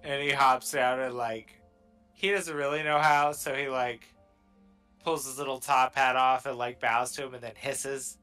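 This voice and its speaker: A man's voice: medium pitch, level tone, sharp tone, faint music behind. A man player in a tabletop game, talking in a hesitant way with many fillers. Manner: slow, hesitant, filler-heavy. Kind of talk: tabletop role-play.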